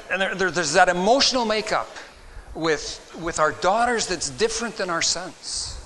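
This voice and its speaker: Earnest preacher man, bright voice. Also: sits high, lively intonation, normal speed, slight background noise, poor audio. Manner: earnest, reads in King James wording then speaks off the cuff with repeated words. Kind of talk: sermon reading scripture and commenting.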